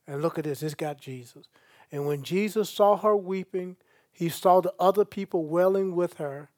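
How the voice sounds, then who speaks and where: A man's voice: sits high, normal speed, a little mellow, dry recording, studio quality. A male pastor, preaching a sermon and reading scripture aloud with asides to the congregation.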